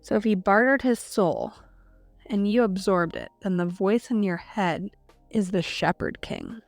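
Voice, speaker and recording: Over faint music on a dry recording, a woman with a medium-pitched voice takes her time as she co-hosts a podcast. Her relaxed book chat walks through the novel's scenes, peppered with "like" and lines quoted from the characters.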